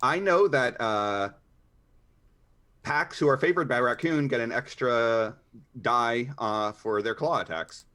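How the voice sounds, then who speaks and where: A man's voice: mid-range voice, slow pace, pushed and bright. A man playing a tabletop game, talking in an easygoing way and thinking aloud with many fillers. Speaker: player. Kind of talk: casual tabletop game play.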